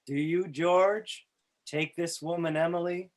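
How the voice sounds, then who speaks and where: A man playing a wry stage manager who comments on the wedding and reads the vows in a measured way. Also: fairly high pitch, steady tone, a little hiss or hum, close to an everyday voice. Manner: dry, measured narration.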